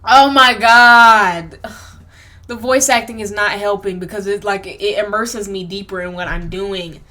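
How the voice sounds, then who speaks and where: A woman's voice: mid-range voice, fairly even intonation, unhurried, pushed and bright. A young woman hosting a let's play, reading the game aloud with emotional, slangy commentary. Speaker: gaming channel host.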